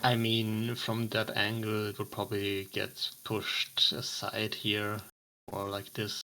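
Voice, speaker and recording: Bright-voiced man running a game. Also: lowish voice, monotone, slow pace, rough recording. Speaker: game master. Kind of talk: running a tabletop game online.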